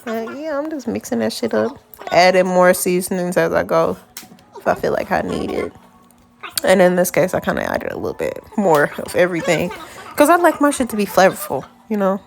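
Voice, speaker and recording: A woman's voice: on the low side, very animated, normal speed, vocal fry. A woman, casually narrating her home cooking in laid-back, profane slang. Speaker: home cook vlogger. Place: home kitchen.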